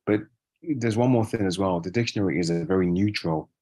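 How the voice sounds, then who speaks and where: Very deep-voiced man in an interview. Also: a little fast, warm tone, low-quality recording. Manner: repeats himself, frequent "yeah" and "right?". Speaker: guest. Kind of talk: casual interview.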